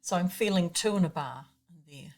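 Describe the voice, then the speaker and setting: A woman's voice: on the low side, normal speed, vocal fry. A woman piano teacher patiently explaining time signatures and counting beats aloud in a chatty way. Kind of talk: explaining music theory in a lesson.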